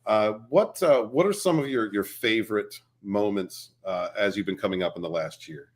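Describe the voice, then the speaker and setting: Man, livestream host, jokey, excitable, shouts out chat names, casual talk. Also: lowish voice, moderate pace. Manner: greets chat members by name, jokey and excitable. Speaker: interview show host.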